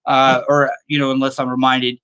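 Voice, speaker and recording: A man's voice: mid-range voice, monotone, moderate pace, bright, forceful tone, smooth. A middle-aged man hosting a horror show, telling a rambling story and reading viewer comments in a casual, self-amused way, laughing often.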